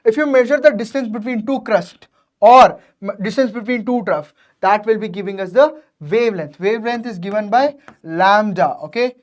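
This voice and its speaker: A woman's voice: mid-range voice, moderate pace. Woman teacher, "okay?" after every point. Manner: explains patiently, ends nearly every point with "okay?"; addresses students directly and checks understanding. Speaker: science teacher. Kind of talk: exam revision lecture.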